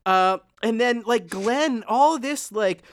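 A man's voice: very high voice, slow pace, clean tone, no room sound, studio quality. A man co-hosting a TV recap podcast in loose, profane, emphatic chat. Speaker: podcast co-host.

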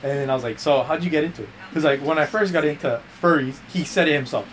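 A man's voice: fairly high pitch, quick pace, slight background noise, rough recording. A young man chatting casually while gaming, rambling through a crude story with lots of swearing and restarts. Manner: rambling, profane, restarts a lot. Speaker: gamer telling a story.

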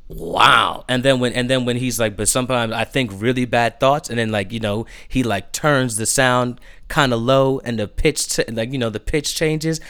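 A man hosting a podcast, gushing about new music in casual chat, stumbling over restarts in his excitement. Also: medium pitch, moderate pace, few pauses, smooth. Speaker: podcast host.

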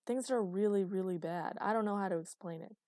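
A man's voice: sits high, fast talker, warm tone, no echo, close to an everyday voice. A woman reading the lines of an agitated male official in an audiobook, in a dry recording. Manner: agitated, exasperated. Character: tense, irritated male government official.

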